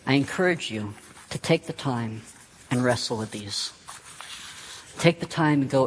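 A man's voice: medium pitch, normal speed, long pauses, long reverb tail, slight background noise, rough recording. A man preaching a sermon as pastor, earnest and emphatic, repeating key phrases.

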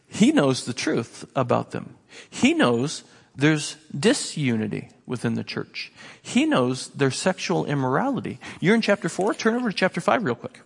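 A pastor preaching a sermon with an animated, sarcastic delivery, often repeating words as he builds his points. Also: on the high side, a little slow, gravelly, breathy edge, big-room sound.

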